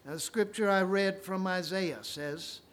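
A man delivering a sermon in a high voice. He speaks at an unhurried pace, moving from quiet storytelling to loud, ringing cries. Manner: storytelling, swings from soft to loud ringing proclamations. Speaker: preacher.

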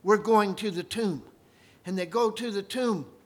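A man preaching a sermon, retelling scripture stories and swinging from quiet asides to loud, ringing proclamations. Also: sits high, a little slow.

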